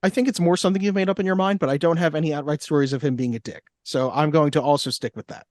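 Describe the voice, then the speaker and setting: Joking man co-host, fairly high voice. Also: steady tone, rapid-fire, darkish tone, no echo. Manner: dry jokey asides. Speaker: podcast co-host. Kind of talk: casual chat, reading facts.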